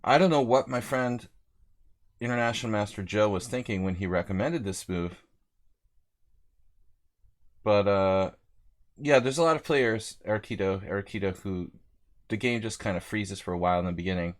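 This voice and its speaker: Low-voiced man casually chatting while streaming. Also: moderate pace, long pauses. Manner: rambling, chatty, reads out viewer names. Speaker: chess streamer playing a simul. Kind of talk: casual live-stream commentary. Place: lives in Hungary.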